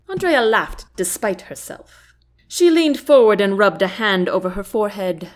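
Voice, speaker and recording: A woman narrating a fantasy novel chapter as an audiobook host, in a gentle, unhurried reading. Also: mid-range voice, very animated. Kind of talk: storybook narration.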